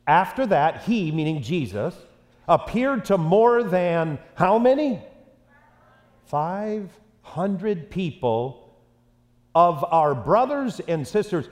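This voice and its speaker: Animated high-voiced male preacher. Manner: animated preaching, dropping low and soft for emphasis. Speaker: pastor. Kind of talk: sermon. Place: large auditorium. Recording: reverberant auditorium sound.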